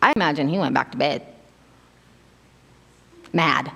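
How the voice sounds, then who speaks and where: Animated woman preaching in a reverberant church. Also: sits low, slow pace, creaky, long pauses, slightly rough. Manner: animated storytelling, acts out quotes with laughs. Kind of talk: casual sermon. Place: church sanctuary. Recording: long hall reverb.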